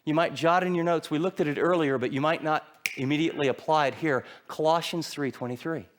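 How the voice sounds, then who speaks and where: Animated middle-aged man preaching. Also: fairly high pitch, fairly quick, a little hiss or hum. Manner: animated storytelling with acted-out voices. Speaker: pastor. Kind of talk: sermon.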